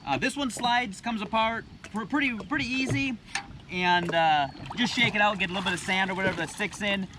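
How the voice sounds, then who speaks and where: High-voiced man reviewing gear outdoors. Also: a little fast, background noise. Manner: plainspoken, easygoing, with frequent uhs. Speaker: channel host reviewing gear. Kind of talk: casual product review. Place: outdoors in shallow water by a boat.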